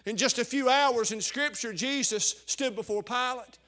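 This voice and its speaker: A man preaching a fervent sermon, rising to shouts at its high points. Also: normal speed. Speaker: pastor.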